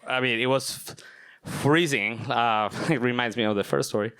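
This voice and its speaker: Young man, smooth resonant storytelling voice. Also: mid-range voice, normal speed, pushed and bright. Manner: casual, self-mocking, filler-heavy. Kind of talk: live personal storytelling. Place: stage at a live event.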